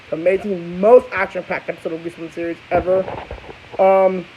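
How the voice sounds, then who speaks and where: A tired young man rambles through a casual review of a book and its episode, swearing and restarting again and again. His voice is high, level and brisk, on a dull, hissy home recording.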